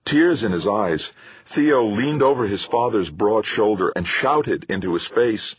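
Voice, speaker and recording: A man narrating a novel in a dramatic, lively reading style. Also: on the low side, a little slow, husky, no echo. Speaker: audiobook narrator. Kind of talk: scripted narration of a sci-fi novel. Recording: slightly muffled.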